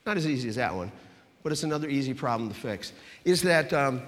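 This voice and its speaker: A man's voice: mid-range voice, lively intonation, fast talker, fairly bright tone, in a large hall. A man preaching a sermon as a pastor, talking conversationally and getting the congregation to repeat phrases back to him. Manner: conversational preaching with audience call-and-response.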